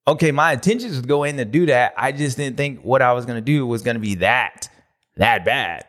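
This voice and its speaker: A man hosting a motocross recap show, talking in a loose, slangy, animated way with loud bursts and low asides. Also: a little fast. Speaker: motocross podcast host. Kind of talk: casual race recap commentary.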